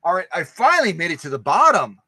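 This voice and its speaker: A man's voice: high-pitched, fast talker, dry recording. A man hosting a live stream, chatting casually and joking with his viewers. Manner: animated, exclaiming and joking with viewers. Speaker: host of a sewing machine live stream.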